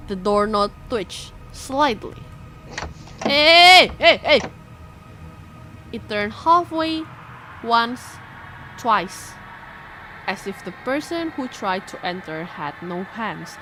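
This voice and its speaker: A woman's voice: mid-range voice, animated, slow pace, sharp tone. A woman streamer reading a horror visual novel aloud, breaking off into jumpy, frightened exclamations. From Indonesia. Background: game music.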